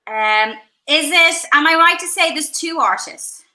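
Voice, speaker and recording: A bright-voiced woman chats through a quiz over a video call, her talk loose and full of "like". She sits a little high in pitch, with a clear ring to the sound. The call picks up an echoey room around her. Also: lively intonation, measured pace. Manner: chatty, lots of "like". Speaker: quiz contestant. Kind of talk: casual video call chat.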